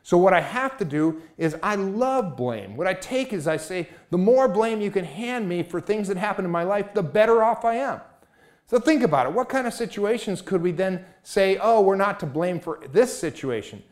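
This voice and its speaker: A man's voice: high voice, expressive, normal speed. A man giving a motivational talk, emphatic and full of rhetorical questions.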